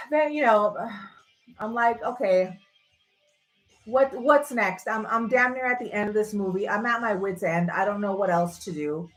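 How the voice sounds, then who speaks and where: A woman's voice: medium pitch, normal speed, fairly bright tone, faint music behind, poor audio. A woman hosting a livestream, ranting casually and sarcastically, swearing freely. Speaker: livestream host. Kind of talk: casual rant.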